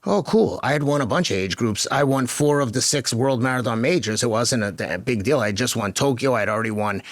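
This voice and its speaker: A man in his fifties, a podcast guest and marathon runner, telling his stories in an emphatic, animated way in casual interview chat. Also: mid-range voice, brisk, no echo. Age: 50s. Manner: emphatic, animated storyteller who acts out dialogue.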